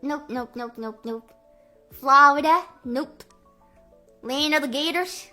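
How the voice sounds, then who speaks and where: A young woman streaming live with a high, bright voice full of likes and ums. She jokes and giggles her way through casual chat. Soft music plays faintly underneath. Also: slow pace, pauses often. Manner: playful, giggly, valley-girl fillers.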